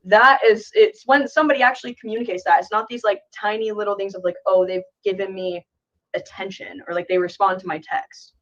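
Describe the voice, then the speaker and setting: A woman's voice: medium pitch, quick pace, hardly any pauses, a bit bright, muffled recording. A young woman content creator explaining herself earnestly, with lots of fillers. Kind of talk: explaining in casual talk.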